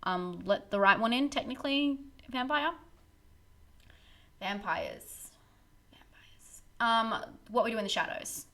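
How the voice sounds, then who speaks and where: A woman's voice: fairly high pitch, brisk, few pauses, pushed and bright. A young woman hosting a casual live-stream Q&A about horror films, chatty and giggly, rambling with lots of fillers and restarts. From Australia.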